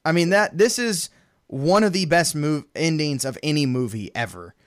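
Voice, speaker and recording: Excited man co-hosting a movie podcast. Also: fairly high pitch, normal speed. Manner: excited, laughs often, acts out movie lines. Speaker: podcast co-host. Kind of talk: casual movie chat.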